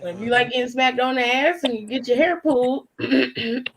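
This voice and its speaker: A woman's voice: high voice, normal speed, a little hiss or hum, low-quality recording. A woman hosting a casual Q&A call, teasing her friends with blunt slang and frequent laughter. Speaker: host of a live Q&A. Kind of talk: casual group chat.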